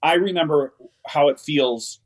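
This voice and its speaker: A man's voice: on the high side, a little slow, poor audio. Rambling male co-host. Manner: rambling, many restarts and fillers. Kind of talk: casual conversation.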